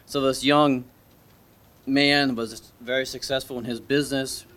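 A man's voice: mid-range voice, flat delivery, unhurried, a bit bright. A man preaching an informal sermon at a church service, talking in a conversational, hesitant way with many restarts and questions to the congregation.

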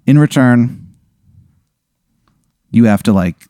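Animated man spinning a comedy hypothetical. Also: medium pitch, slow pace, dry recording, studio quality. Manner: animated, filler-heavy, swears. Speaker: podcast host. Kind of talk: improvised comedic storytelling.

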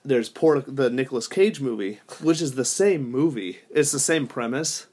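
A man's voice: medium pitch, moderate pace, darkish tone. A man co-hosting a casual podcast chat, rambling with lots of fillers and restarts. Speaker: podcast co-host.

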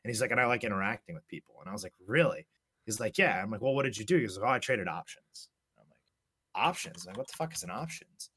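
A man's voice: lowish voice, fast, slight background noise. A young man casually telling a story, swearing often and acting out both sides of a conversation. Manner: profane, animated storyteller, acts out dialogue.

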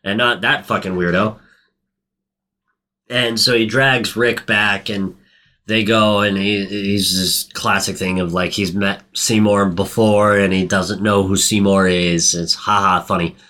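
A man in loose casual chat with a bright, forceful voice. He rambles and swears freely, and jumps into acting out the scenes he describes. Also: fairly low pitch, little pitch movement. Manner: profane, rambling, quick to act out lines. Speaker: podcast co-host recapping a movie.

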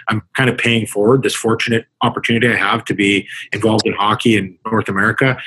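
A man's voice: on the low side, fairly bright tone, breathy edge, rough recording. A man, a hockey coach, answering interview questions in an earnest, rambling way, often restarting his sentences. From Canada.

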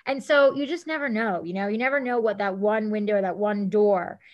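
A woman in her thirties, a guest on an interview show, telling stories in a lively casual way and acting out what people said. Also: mid-range voice, brisk, highs cut off. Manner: animated, acts out quotes, says "like" often. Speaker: guest, celebrity stylist.

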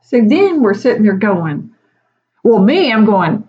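A woman's voice: medium pitch, lively intonation, a little slow, a little mellow, highs cut off. A middle-aged woman, a teacher, casually telling an anecdote in a chatty way, laughing often between phrases. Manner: chatty, laughs often, frequent fillers like "you know".

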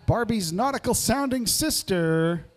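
A man's voice: sits high, animated, a little slow. A man hosting a live pub trivia night, reading out answers with jokey asides.

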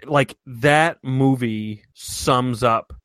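A man's voice: mid-range voice, extremely slow, fairly bright tone, no echo. A man in his thirties, co-hosting a casual chat and enthusing while listing things off. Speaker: podcast co-host.

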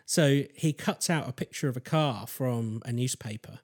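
Man, podcast host, casual storyteller, mid pitch, halting delivery full of ums and restarts. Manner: rambling, halting, with fillers and restarts.

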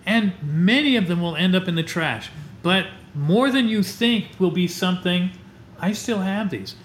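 Middle-aged man, teacher and astronomer, animated heartfelt storyteller, slightly high voice, echoey room. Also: moderate pace. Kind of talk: storytelling in a podcast interview. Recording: roomy echo with faint noise.

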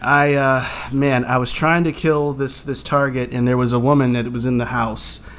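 A man's voice: mid-range voice, normal speed, smooth. A man hosting a podcast, telling stories in casual chat with frequent restarts. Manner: animated storyteller, restarts often. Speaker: podcast host.

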